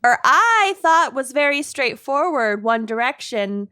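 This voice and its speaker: A woman's voice: high voice, sing-song, a little slow, bright, forceful tone, clean tone. A woman co-hosting a podcast in casual, joking chat with friends and reading the show intro. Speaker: podcast co-host.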